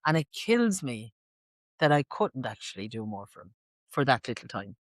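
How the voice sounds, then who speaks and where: A woman's voice: extremely low pitch, big pitch swings, moderate pace, no room sound. A woman with an Irish accent co-hosting a podcast, talking freely and joking often. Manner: chatty, laughs a lot, jokey. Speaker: podcast co-host. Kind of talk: casual chat.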